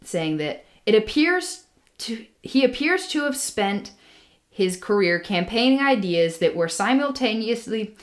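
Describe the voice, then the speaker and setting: A woman's voice: mid-range voice, big pitch swings, measured pace. A woman co-hosting a casual podcast, telling a history story with many ums and restarts. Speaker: podcast co-host.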